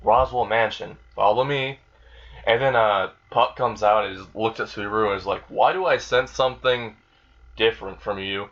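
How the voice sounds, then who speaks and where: A man's voice: on the low side, moderate pace, fairly bright tone, dull audio. A young man casually retelling an improvised fan story, rambling with lots of fillers, restarts and swearing.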